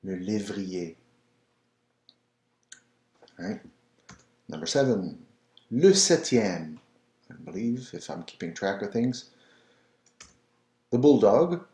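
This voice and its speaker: Guy teaching pronunciation, slow and patient, low mellow voice, echoey room. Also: big pitch swings. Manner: repeats words slowly, coaxes listener to try. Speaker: French teacher.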